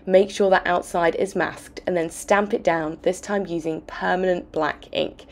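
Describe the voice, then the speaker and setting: Croaky lady talking thru a craft tutorial, kinda low and gravelly, chatty. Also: darkish tone. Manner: chatty step-by-step explaining. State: croaky from bronchitis. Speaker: craft video host.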